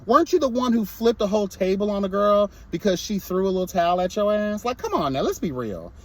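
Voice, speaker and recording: Sassy young man ranting, lively high voice. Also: fast. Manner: sassy, blunt, theatrical mocking impressions. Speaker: reality show reviewer. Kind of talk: casual vlog rant.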